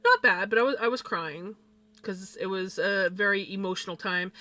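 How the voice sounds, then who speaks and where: Bright-voiced, blunt woman streamer. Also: medium pitch, normal speed. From Canada. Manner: blunt and expressive, swears freely. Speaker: live streamer. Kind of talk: casual storytelling chat with viewers.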